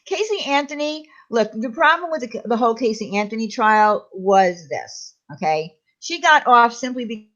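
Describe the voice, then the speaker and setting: A woman's voice: on the high side, animated, moderate pace, few pauses, a bit bright. A woman panelist joining over a video call, opinionated and explaining her points firmly. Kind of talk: casual panel chat. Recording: dull, muffled video-call audio.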